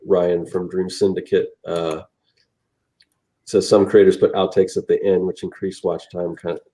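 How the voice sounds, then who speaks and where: A man talks casually on an artists' podcast, his voice deep and mellow. He rambles a little, restarting sentences and letting phrases trail off as he thinks aloud. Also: flat delivery, moderate pace, rough recording. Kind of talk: casual chat.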